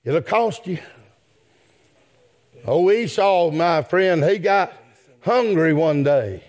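A man preaching a sermon, addressing the congregation with "my friend" and "yes, sir" as refrains, and swelling into shouted peaks. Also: high-pitched, lively intonation, takes it slowly.

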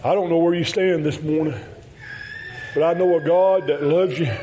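A man's voice: a little high, fairly even intonation, moderate pace, noisy background. A man preaching a folksy sermon, telling stories and chuckling often.

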